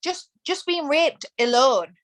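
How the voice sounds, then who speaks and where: Slow-paced and expressive, her voice sits high, though the audio is poor. The woman, in her thirties, is a guest in a casual podcast interview, speaking with passion and emphasis and acting out the thoughts she quotes.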